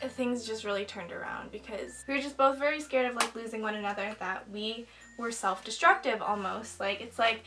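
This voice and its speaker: A woman's voice: a little high, steady tone, normal speed, sharp tone, a little hiss or hum. Young woman, candid and a bit far from the mic. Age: 20s. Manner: candid, heartfelt, rambling with many "like"s. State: getting emotional, choked up. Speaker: beauty vlogger. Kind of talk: get-ready-with-me vlog chat. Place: indoors at home, doing makeup.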